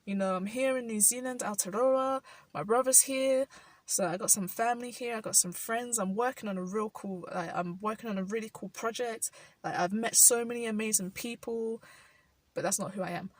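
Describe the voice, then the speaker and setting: Husky London woman, soft and reflective. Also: a little high, moderate pace, dry recording, distant mic, low-quality recording. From South London, England. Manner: thoughtful, frequent "like" fillers, soft laughs. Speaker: vlogger. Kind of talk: reflective personal monologue. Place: indoors while rain falls outside.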